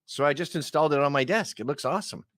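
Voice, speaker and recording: A man's voice: fairly high pitch, fast talker, a bit bright, no echo, clean studio sound. A man guesting on a podcast, telling crude, rambling stories in casual chat.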